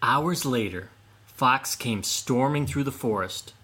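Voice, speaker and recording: Man telling old folk stories, slow and expressive, slightly husky. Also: medium pitch. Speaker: storyteller. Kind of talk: scripted folk tale narration.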